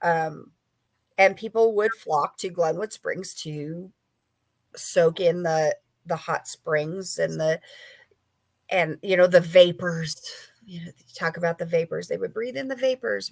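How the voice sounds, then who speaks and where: A woman's voice: lowish voice, a little slow, creaky, no echo. Woman guest rambling thru a story, lotsa um and you know, dry close sound. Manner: rambling, filler-heavy, chatty. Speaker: author and paranormal investigator guest. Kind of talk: casual storytelling interview.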